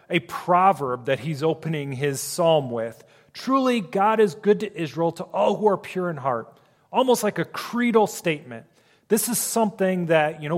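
A man preaching a sermon in an earnest, reflective teaching manner, with frequent fillers and restarts. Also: high voice. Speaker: pastor. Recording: long hall reverb.

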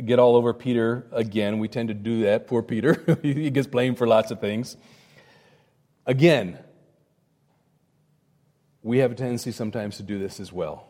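A man's voice: medium pitch, warm tone, big-room sound. A man preaching a sermon in a conversational way, acting out quotes and often restarting his words. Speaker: pastor.

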